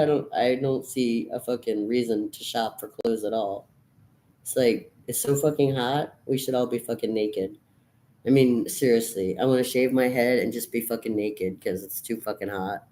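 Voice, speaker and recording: A woman's voice: rumbling low, a little mellow. A woman in her fifties, depressed and weary, talking in a profane, rambling, bleak monologue to her camera. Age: 50s. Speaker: vlogger.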